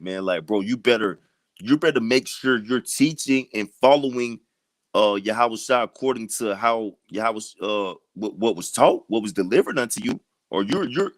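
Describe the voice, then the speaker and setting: A low-voiced man leads a casual scripture lesson, circling back on his words and pressing his listeners with repeated questions. The sound is dry and close. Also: moderate pace, dry recording. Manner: loose, repetitive, rising to emphatic challenges. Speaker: bible study teacher.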